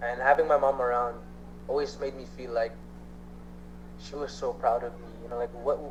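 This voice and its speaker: A man's voice: mid-range voice, level tone, moderate pace, a little hiss or hum. Earnest young Filipino man, lo-fi. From Philippines. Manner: mixes English and Tagalog, earnest, hesitant fillers. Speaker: guest actor. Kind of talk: casual interview chat.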